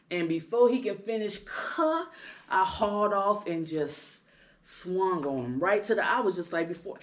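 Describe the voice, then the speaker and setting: A woman in her thirties, a podcast co-host, telling a personal story in casual chat, animated and full of tag questions. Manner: animated, rising loud and high when worked up; tag questions, frequent "right?".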